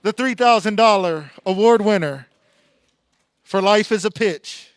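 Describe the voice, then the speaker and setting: A playful male emcee with a high voice works the crowd at an awards night, speaking into a handheld mic. The sound is dry and close. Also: a little slow, clear, resonant tone, no room sound. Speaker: event emcee. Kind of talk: live awards announcing. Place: event hall stage. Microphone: handheld microphone.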